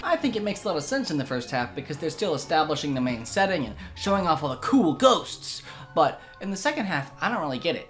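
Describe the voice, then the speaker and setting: A woman's voice: deep voice, a bit bright. A woman giving a comedic, sarcastic film critique as a commentator, often sounding exasperated. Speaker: YouTube commentator.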